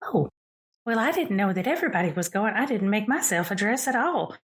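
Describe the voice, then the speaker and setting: A flustered young shopkeeper woman who blurts her words out quickly, as a woman puts her on. Her voice sits a touch above everyday talk. She is a character in a tabletop game. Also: medium pitch, very animated, lightly acted.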